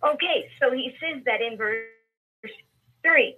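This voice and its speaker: A woman's voice: high-pitched, slow pace, a crowd in the background, low-quality recording. A woman preacher delivering a sermon, emphatic and repetitive, calling out to the congregation for responses.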